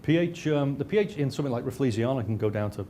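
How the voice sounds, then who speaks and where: A man of middle pitch lectures over slides, stumbling and restarting often. He drops in dry, self-mocking jokes, and a faint hiss runs underneath. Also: expressive, quick pace, warm tone. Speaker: lecturer and researcher.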